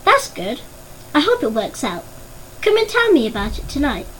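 A woman's voice: high-pitched, wildly swooping pitch, normal speed, a little hiss or hum, full character voice, poor audio. A woman doing a kindly motherly neighbour. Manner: gentle, kindly. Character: kind motherly neighbour woman carrying a baby.

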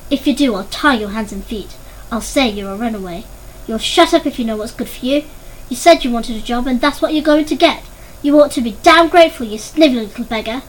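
Casting: woman voicing a hissing bully of a man in a storybook reading, menacing, a little raised in pitch. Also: a little fast, natural voice, rough recording. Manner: hissing, threatening. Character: menacing adult man threatening a boy.

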